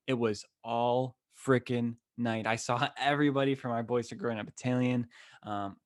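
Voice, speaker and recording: Hosting his podcast alone from a temporary room instead of his usual setup, a Western New York man in his 20s tells a long, loose story full of slang, rambling and getting excitable. His voice is medium-pitched, an ordinary middle range for a man.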